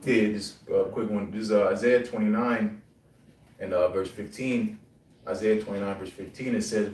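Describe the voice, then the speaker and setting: A man's voice: on the low side, steady tone, normal speed, darkish tone. A man in a Bible class reading a verse aloud and then explaining it, with frequent "you know"s. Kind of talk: reading scripture and commenting. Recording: echoey room from far off.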